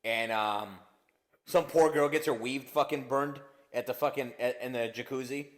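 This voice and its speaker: A man's voice: mid-range voice, normal speed. Rambling, profane man chatting on a podcast. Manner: rambling, profane, animated storytelling with laughter. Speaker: podcast co-host. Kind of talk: casual comedic chat.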